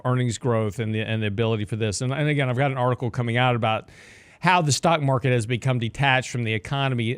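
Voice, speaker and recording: Recorded dry on a studio mic, a man with a medium-pitched voice runs a finance talk show. He breaks down the markets in a chatty radio-commentary manner, slipping in humorous asides.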